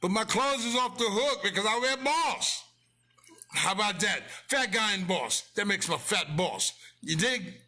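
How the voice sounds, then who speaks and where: Close to the microphone, a man with a high-pitched, sharp voice and lively intonation preaches a casual, blunt pep talk a little slowly. He's promoting his own business and keeps repeating lines to drive them home.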